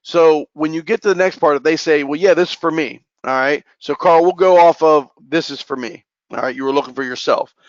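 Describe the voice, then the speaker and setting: A man running a sales training session and role-playing calls, talking in a quick, energetic way. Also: a little high, dry recording. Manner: energetic, fast-talking, caffeinated. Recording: muffled lo-fi dry recording.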